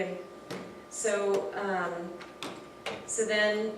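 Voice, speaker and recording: A woman shares a personal story with a spiritual community, animated and warm, often stumbling and restarting as she goes. Her voice sits at an ordinary middle pitch. It is captured from a distance in a very reverberant hall with a faint hiss underneath. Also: slow, pauses often. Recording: very echoey room from far off with faint noise.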